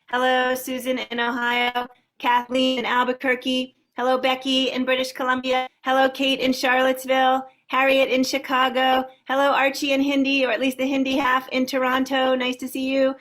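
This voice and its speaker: Upbeat woman host with a flat high voice. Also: moderate pace. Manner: warm, upbeat greetings to a long list of participants. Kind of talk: casual welcome on a video call.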